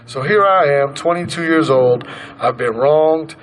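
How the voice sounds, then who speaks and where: A man's voice: on the high side, a little slow, fairly bright tone, a little hiss or hum, low-quality recording. A man in his thirties from Colorado, telling his personal story in an earnest, conversational way and acting out the lines of others. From Colorado, USA. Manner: earnest, conversational, acts out quoted dialogue. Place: protest gathering outdoors.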